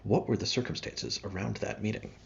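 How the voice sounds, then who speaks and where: Gravelly-voiced man running a tabletop game. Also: lowish voice, fairly even intonation. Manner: halting, many fillers and restarts. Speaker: game master. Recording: dull lo-fi sound.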